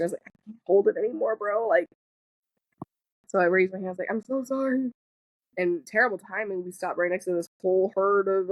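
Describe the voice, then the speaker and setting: A woman's voice: medium pitch, dry recording, low-quality recording. A woman talking as a podcast guest in loose, candid chat. She rambles through fillers and restarts, swears freely and jokes along the way. Her voice sits in an ordinary middle register, recorded close and dry with no room sound. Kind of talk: casual chat.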